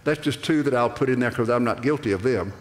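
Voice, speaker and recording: An older man preaching a sermon to a congregation, animated and rambling, with restarts and acted-out asides. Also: medium pitch, quick pace, very noisy. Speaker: pastor. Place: church sanctuary. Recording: echoey church hall.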